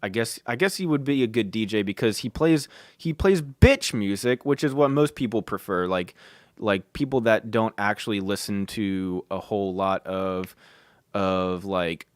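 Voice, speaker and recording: A man's voice: fairly low pitch, normal speed, clear, resonant tone, dry recording, clean studio sound. A young man hosting a podcast from home, rambling casually with lots of fillers, restarts and offhand swearing. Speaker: podcast host.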